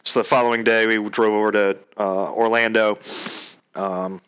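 A man's voice: on the low side, little pitch movement, normal speed, a bit bright, clean tone. A young man casually telling a story, swearing freely and acting out both sides of a past conversation. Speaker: storyteller recounting his proposal.

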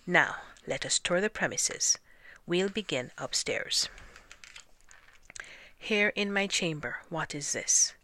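A woman's voice: fairly low pitch, expressive, slow pace, pauses often, pushed and bright, exaggerated voice. A woman reading a storybook aloud and voicing a pompous, fussy male lord who insists on his own words for things.

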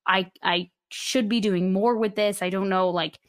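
Animated woman recapping a show. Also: mid-range voice, measured pace, no echo, clean studio sound. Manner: animated retelling, acting out quotes. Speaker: podcast co-host. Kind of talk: casual recap chat.

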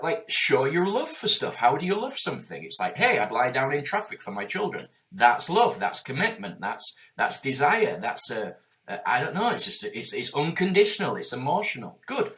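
A man's voice: medium pitch, big pitch swings, moderate pace, fairly bright tone. A man in his forties speaking in a passionate, emphatic and heavily profane conversational way as a guest. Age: 40s.

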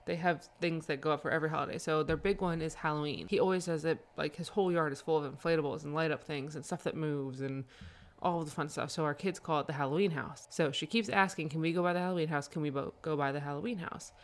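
A woman with a low-pitched voice chats with her partner and tells a lively family story. She laughs easily and keeps her tale moving in a casual, animated way. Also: fast. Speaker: podcast co-host, parent.

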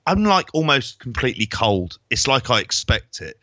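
A man co-hosting a wrestling podcast, giving wry, measured opinions in casual chat. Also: mid-range voice, big pitch swings, pushed and bright, no room sound, dull audio. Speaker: podcast co-host.

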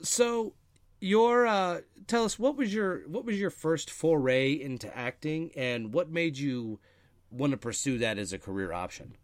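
Guy interviewer fumbling thru his question, kinda high voice, dry sound. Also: expressive, measured pace, no echo. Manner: hesitant, restarts his questions.

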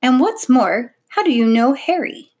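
A woman's voice: high voice, big pitch swings, unhurried, darkish tone, breathy edge, voice pushed up, heavily acted. A woman voicing a snobbish twelve-year-old girl in a storybook reading, grand and sneering. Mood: demanding.

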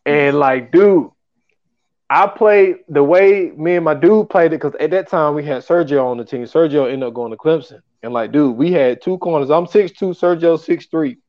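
A man's voice: on the high side, normal speed, few pauses, dull audio. A man hosting a podcast in casual chat, rambling and filling with "you know what I'm saying.". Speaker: podcast host.

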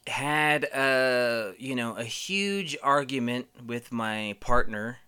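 A man's voice: mid-range voice, slow, pushed and bright, smooth. A man hosting a podcast, telling rambling stories casually, swearing a lot and using many fillers. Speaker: podcast host. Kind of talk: casual storytelling.

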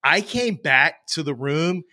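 Bright-voiced man telling animated stories. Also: a little high, slow pace. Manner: animated storyteller, acts out quoted voices. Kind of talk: casual chat.

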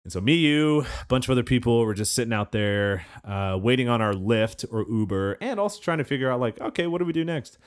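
A man co-hosting a casual podcast, telling a story with lively acted-out quotes. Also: medium pitch, a little fast, hardly any pauses. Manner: animated storyteller, acts out quoted voices. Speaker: podcast co-host. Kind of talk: casual chat.

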